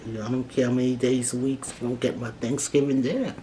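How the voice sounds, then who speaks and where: A woman's voice: very deep voice, steady tone, fast talker, dark tone, a little hiss or hum. A woman vlogger talking casually while she eats, often with food in her mouth and humming between bites. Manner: talks while eating, mouth full, hums between bites. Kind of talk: casual eating vlog.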